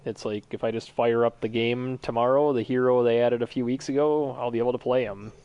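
A man in casual conversation about video games, relaxed and rambling with lots of fillers. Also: medium pitch, fairly quick, clear, resonant tone, dry recording, highs cut off.

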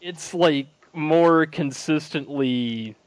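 A man's voice: fairly high pitch, very slow, no room sound. Casual rambling man, dry sound. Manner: rambling, filler-heavy, laughs while telling stories. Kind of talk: casual chat.

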